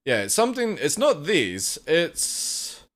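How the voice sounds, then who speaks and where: A man's voice: fairly high pitch, wildly swooping pitch, slow pace, fairly bright tone. A young man chatting casually with his stream viewers, rambling and swearing freely as he reads chat aloud. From United Kingdom. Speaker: live streamer.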